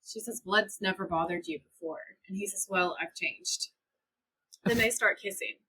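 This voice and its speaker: Woman, young adult, podcast co-host, lively scene retelling, husky, bright tone. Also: mid-range voice, moderate pace, poor audio. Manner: animated retelling, quoting characters in her own voice. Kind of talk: casual recap chat.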